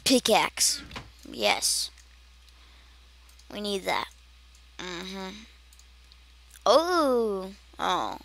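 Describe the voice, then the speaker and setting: A woman's voice: mid-range voice, huge pitch swings, extremely slow, vocal fry, long pauses, fairly bright tone. A woman giving casual, rambling commentary while playing a game, chatty and giggly. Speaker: gaming channel host.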